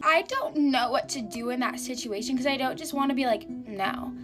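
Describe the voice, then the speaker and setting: A woman's voice: high-pitched, fairly quick. A teenage girl chatting casually into a phone about her school day, filling her talk with "like". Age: teens. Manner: chatty, lots of filler "like". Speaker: vlogger. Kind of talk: casual storytime chat. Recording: music playing behind. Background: music.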